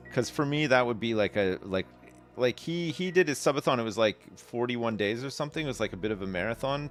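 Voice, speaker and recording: Low-voiced man rambling over gameplay. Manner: rambling, self-deprecating, reads game text aloud. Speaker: livestream host. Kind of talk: casual gameplay commentary.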